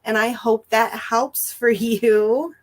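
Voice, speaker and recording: A woman's voice: on the high side, steady tone, a little hiss or hum. Reassuring woman giving a psychic reading. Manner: reassuring, drawn-out emphatic phrasing. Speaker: psychic reader. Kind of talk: live-stream psychic reading.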